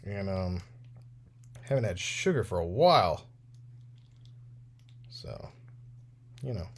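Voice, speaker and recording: A man's voice: low voice, big pitch swings, slow. A man in his thirties casually chatting as he repairs action figures on a livestream, rambling and laughing often. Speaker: toy repair livestream host. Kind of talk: casual livestream chat while working.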